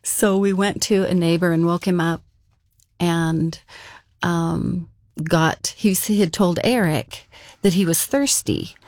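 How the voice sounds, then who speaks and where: A woman's voice: fairly low pitch, slow, a little mellow, no echo, studio quality. A woman telling a personal story in an interview, casual and conversational, with frequent fillers. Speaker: interview guest.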